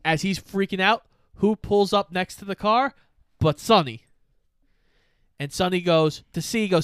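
A man in lively, casual chat walks through a film scene by scene, slipping into each character's voice as he goes. His voice is smooth and a bit higher than most men's, recorded close and dry. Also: unhurried, no room sound. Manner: animated storyteller, acts out characters' lines. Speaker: podcast co-host. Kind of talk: casual movie recap chat.

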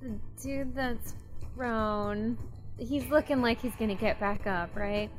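This is a woman playing a tabletop game, working out her moves aloud in a relaxed, easygoing way. Quiet music plays faintly in the background. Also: a little high, slow. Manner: easygoing, thinks aloud with fillers. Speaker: player. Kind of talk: casual tabletop game chat.

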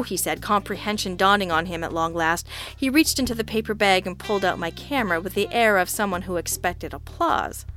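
A woman's voice: fairly low pitch, moderate pace, few pauses, fairly bright tone, soft background music. A woman narrating a first-person audiobook with a wry, understated delivery.

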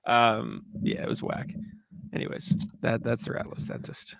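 A young man, co-hosting a podcast and telling stories in an animated, cursing, laughing way. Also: medium pitch, a little fast, no room sound. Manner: animated, laughing storyteller, swears freely. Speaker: podcast co-host. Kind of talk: casual chat.

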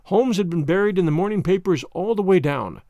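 A man narrating a classic story in a measured, expressive reading. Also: high-pitched, dry recording, muffled recording. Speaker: narrator of an audiobook.

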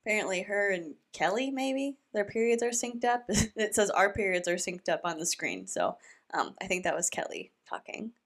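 A woman hosting a reaction commentary, talking in a sarcastic, animated and incredulous way. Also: medium pitch, moderate pace. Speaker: commentary host.

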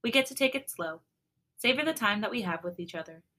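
Podcast co-host, female, bright voice, mid pitch, giggly storybook reading. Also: fast. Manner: giggly, reacts with laughter, steady storybook reading. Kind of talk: reading fan fiction aloud and chatting.

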